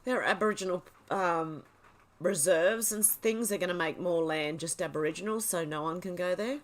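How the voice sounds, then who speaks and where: A woman hosting a livestream, reading social media posts aloud and chatting about them in quick, casual asides. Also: fairly low pitch. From Australia. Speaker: livestream host.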